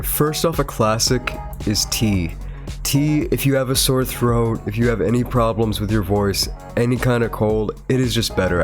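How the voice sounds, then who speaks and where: A man with a cold and a slightly nasal voice, chatting casually as a VTuber host while ranking foods. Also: mid-range voice. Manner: chatty and rambling, with chuckles. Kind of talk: casual chat, rating foods on a tier list. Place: his room.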